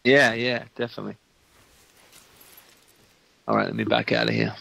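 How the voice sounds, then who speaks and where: Guy streaming a war game, lowish voice but real bright and forceful, kinda rambling as he plays. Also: little pitch movement, normal speed, creaky, low-quality recording. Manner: rambling, thinks aloud while playing. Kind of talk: casual gaming commentary.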